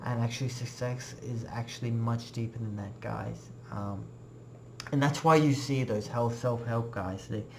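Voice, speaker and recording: A man's voice: mid-range voice, steady tone, measured pace, creaky, background noise. A young man giving a casual, earnest personal testimony in a web class, rambling with many fillers.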